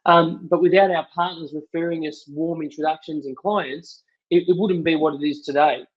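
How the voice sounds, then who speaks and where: A man talks as a podcast guest, telling a business story in upbeat, casual speech full of fillers. His voice is fairly high for a man. The recording sounds dull and lo-fi. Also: steady tone, normal speed. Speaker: podcast guest, company partnerships lead. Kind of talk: casual interview chat.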